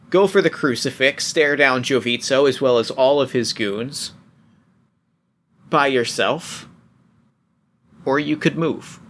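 A man's voice: mid-range voice, a little hiss or hum. A man voicing a shrewd armed older woman fixer. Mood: businesslike. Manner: calm, businesslike offers with frequent restarts.

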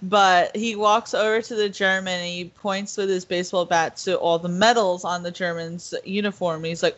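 Animated woman retelling film scenes. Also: fairly low pitch, brisk, few pauses. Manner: animated storyteller, acts out scenes. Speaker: podcast co-host. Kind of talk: casual chat. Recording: slightly dull, muffled audio.

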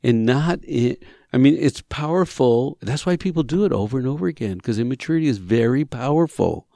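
This man, a counselor who runs men's retreats, teaches conversationally on a talk show in a medium-pitched, creaky voice at a slightly fast pace. He is animated, acting out little dialogues, building to rising emphasis and repeating phrases to hammer his points. The studio sound is clean, with no echo.

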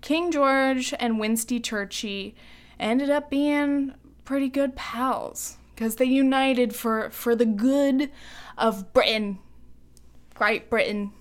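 Young woman, podcast co-host, slightly high pitch, casual, giggly and chatty. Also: slow. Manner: chatty and giggly, many ums and likes. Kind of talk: casual chat.

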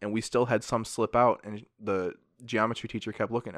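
A young man hosting a podcast, telling high school stories in a casual chat and acting out the voices of the people in them. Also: a little fast, no room sound, clean studio sound. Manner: animated storytelling, acts out voices. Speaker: podcast host.

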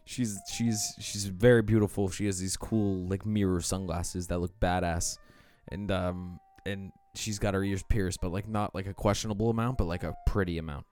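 Low-voiced guy spinning a silly story. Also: fairly even intonation, moderate pace, hardly any pauses, darkish tone, soft background music. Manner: playful storytelling, builds silly scenarios. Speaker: podcast co-host. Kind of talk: casual banter.

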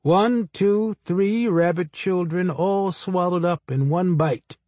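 A man's voice: high voice, slow pace, a little mellow, dry recording. A man doing a playful, roaring storytelling father.

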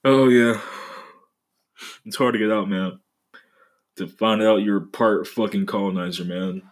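A man's voice: lowish voice, level tone, moderate pace. A young man hosting a podcast, telling stories in a profane, joking way with mock-dramatic outbursts. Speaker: podcast host. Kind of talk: casual comedic monologue.

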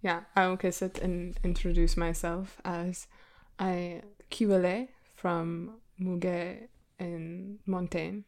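A woman's voice: on the low side, flat delivery, slow, a little mellow. A woman playing a tabletop role-playing game, speaking for her character with playful, formal courtesy. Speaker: player.

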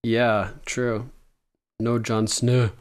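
A man talking through a TV episode in a loose, casual way. He jumps into the characters' lines as he goes. His voice sits at an ordinary middle pitch. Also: drawn-out words. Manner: animated, acts out character lines in quotes. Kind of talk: casual TV recap chat.

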